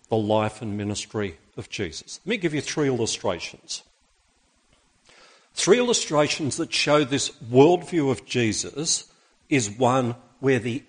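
Husky-voiced male preacher. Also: medium pitch. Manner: asks the congregation rhetorical questions. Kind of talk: sermon with Bible reading.

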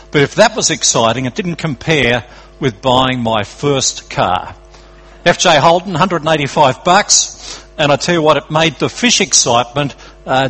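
An older Australian man preaching a sermon in an earnest, conversational way, going from lively emphasis to quiet drops. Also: mid-range voice, breathy edge, poor audio.

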